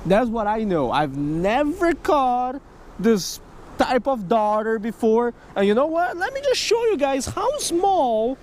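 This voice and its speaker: A man narrating his own fishing vlog outdoors at a creek, excitable, talking to himself and the fish and shouting when he gets excited. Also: very high voice, slow pace, a little hiss or hum. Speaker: fishing vlogger.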